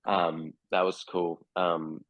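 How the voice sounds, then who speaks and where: Australian man in his 40s as interview guest, low voice, halting and full of ums, dry video-call audio. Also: flat delivery, a bit bright, no echo, muffled recording. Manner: hesitant, many fillers and restarts. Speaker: guest actor.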